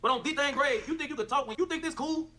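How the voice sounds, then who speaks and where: A man's voice: very high-pitched, fast talker, background noise. A man delivering a profane, repetitive livestream rant. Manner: animated, repetitive, cursing.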